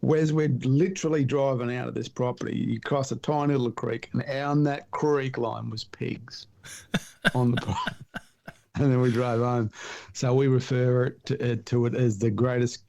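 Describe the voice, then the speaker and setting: A man's voice: mid-range voice, normal speed, gravelly. A middle-aged Australian man telling a hunting story in a casual podcast chat, laughing at his own tales. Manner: animated yarn-spinner, laughs at his own stories. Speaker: podcast guest, hunter and writer.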